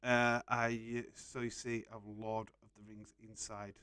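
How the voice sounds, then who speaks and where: A man's voice: lowish voice, little pitch movement, unhurried, sharp tone, clean tone, dry recording. A young man casually hosting a live stream, reading out and answering chat messages and laughing often.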